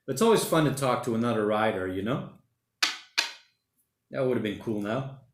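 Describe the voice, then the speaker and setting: A man's voice: mid-range voice, expressive, normal speed, background noise. Rambling man chatting on a roomy livestream. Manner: rambling, thinking out loud, says mate and man a lot. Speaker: livestream host reading viewer chat. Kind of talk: casual solo livestream chat. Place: home during lockdown. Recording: roomy home room echo.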